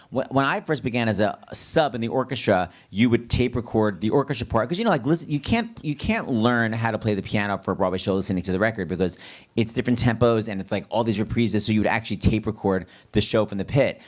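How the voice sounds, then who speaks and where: A man's voice: lowish voice, fast talker. A man hosting a live stage interview, telling comic stories with lots of laughter and acting out quotes. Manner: animated, laughing, acts out quotes in big voices. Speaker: talk show host.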